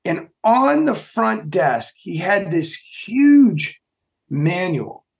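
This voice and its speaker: A middle-aged man with a somewhat high-pitched voice tells a story in an interview. He is emphatic and animated and keeps asking his listener rhetorical questions. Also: drawn-out words, gravelly. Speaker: podcast guest, former Navy SEAL.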